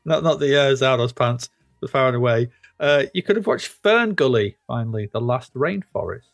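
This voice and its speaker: A man's voice: medium pitch, expressive, moderate pace, creaky, no echo, studio quality. A man co-hosting a podcast in casual chat, rambling and laughing easily, with many ums and uhs. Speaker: podcast co-host.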